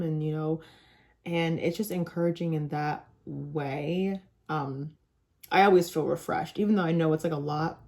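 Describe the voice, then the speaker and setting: A young woman vlogger chatting casually, rambling with lots of filler words and getting animated when excited. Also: lowish voice. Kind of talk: casual chat.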